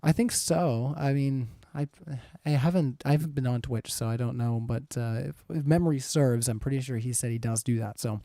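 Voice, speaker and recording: A man's voice: medium pitch, normal speed, warm tone, no echo, clean studio sound. Easygoing young man moderating a stream. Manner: easygoing, rambling, chuckles often. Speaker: debate moderator. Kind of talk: casual live-stream moderating.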